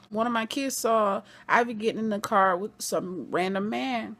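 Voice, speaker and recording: A woman giving an animated recap of a TV episode, acting out the characters' lines in quoted voices as she goes. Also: mid-range voice, moderate pace, hardly any pauses. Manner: acts out scenes in quoted voices. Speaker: TV episode reviewer.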